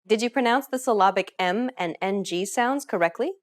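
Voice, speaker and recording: A woman's voice: mid-range voice, normal speed. A woman narrating a scripted language lesson in an upbeat, encouraging way. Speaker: language teacher.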